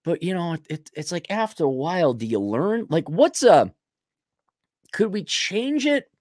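A man's voice: on the high side, sing-song, unhurried, darkish tone, no echo, clean studio sound. Sarcastic rambling male podcaster. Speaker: podcast host. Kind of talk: casual livestream commentary.

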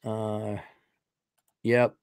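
A man's voice: fairly low pitch, monotone, extremely slow, a little mellow, smooth, no echo, clean studio sound. A man hosting a livestream, giving blunt, rambling, sarcastic opinions in casual talk. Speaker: livestream host.

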